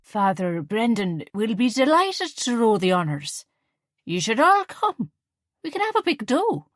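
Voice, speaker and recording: A woman's voice: medium pitch, lively intonation, unhurried, a bit bright, no room sound, studio quality. A woman voicing a tipsy, outspoken Irish mother from Kerry, slurring slightly and pushing her views. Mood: bossy, tipsy.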